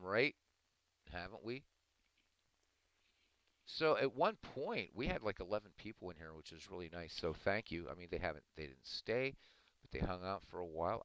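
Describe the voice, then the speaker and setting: A man hosting a livestream, chatting casually with viewers in a relaxed, rambling way. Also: low-pitched, no room sound, low-quality recording. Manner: relaxed, rambling, chuckling asides. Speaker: livestream host.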